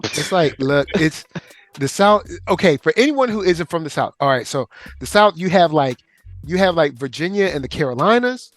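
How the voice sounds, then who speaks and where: A man hosting a casual podcast, relaxed and explaining things to his listeners. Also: on the high side, moderate pace, dry recording, soft background music. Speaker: podcast host. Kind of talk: casual chat.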